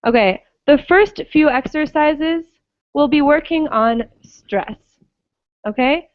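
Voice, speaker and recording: Woman teacher, unhurried, slightly high voice, dry lo-fi call audio; leads drills patiently. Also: no room sound. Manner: slow, patient, checks understanding often. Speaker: English pronunciation teacher. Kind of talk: online class instruction.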